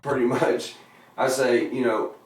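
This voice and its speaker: A man's voice: medium pitch, level tone, unhurried. A male musician in a casual interview, explaining his lyrics with laid-back, profane storytelling. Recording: very echoey room, distant mic.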